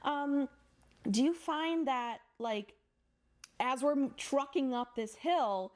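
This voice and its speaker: A woman podcast host chats with her guest in an easy, self-deprecating way and laughs readily. Her voice sits a little high for a woman. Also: slow. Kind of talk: casual podcast interview.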